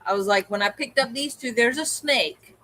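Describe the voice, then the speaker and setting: A woman's voice: a little high, moderate pace, a bit bright, poor audio. A woman co-hosting a livestream, telling a story in casual chat and acting out the people she quotes. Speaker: co-host of a livestream hangout.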